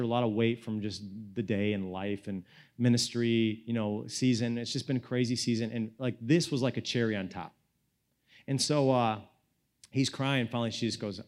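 A young man preaching a sermon, telling a personal story in a casual, animated way that swings from loud to hushed, with lots of "like" and "you know". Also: mid-range voice. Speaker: pastor.

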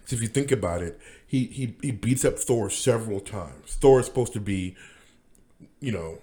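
A man's voice: fairly low pitch, expressive, normal speed, warm tone. A man rambling through a casual monologue as podcast host, with many restarts and fillers.

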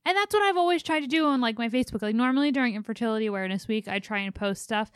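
A woman co-hosting a podcast in casual chat, frank and quick to laugh. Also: on the high side, animated, clean tone, dry recording, clean studio sound. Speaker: podcast co-host.

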